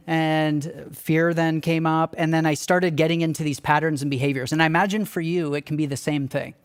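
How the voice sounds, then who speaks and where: Young male church staff speaker, slightly high voice; earnest, candid, conversational storyteller. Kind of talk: personal storytelling talk.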